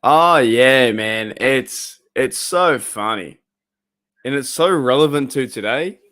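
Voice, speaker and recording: A man's voice: mid-range voice, expressive, slow pace, fairly bright tone. Chatty Australian man hosting a live stream. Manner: chatty, rambling, reacts aloud to the game and laughs often. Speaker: livestream host of a football watch party. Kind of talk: casual live-stream chat.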